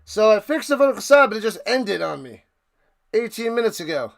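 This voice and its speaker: A man hosts a live stream, offering laid-back play-by-play commentary that erupts into excited, shouted calls. His voice is high-pitched and fairly quick, with vocal fry.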